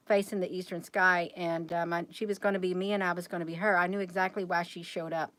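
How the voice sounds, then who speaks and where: A woman's voice: fairly low pitch, little pitch movement, quick pace, few pauses, fairly bright tone, dry recording. A woman hosting a casual livestream, rambling and chatty as she keeps talking straight to her viewers.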